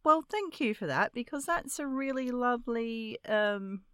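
A woman hosting a casual interview, chatty and quick to laugh, with many restarts. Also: a little high, lively intonation, a bit bright, clean tone, no room sound, clean studio sound. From Australia. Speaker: podcast host.

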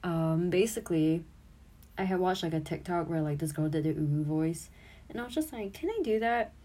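A woman's voice: low voice, moderate pace, dark tone. A woman in her twenties, an audio creator and streamer, chatting casually and giggling as she looks back on her old posts, swearing freely.

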